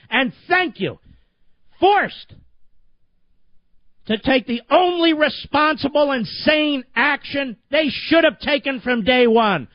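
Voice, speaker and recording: A man's voice: extremely high pitch, no room sound, highs cut off. A man hosting a talk radio show, delivering an indignant, emphatic political monologue full of repetition.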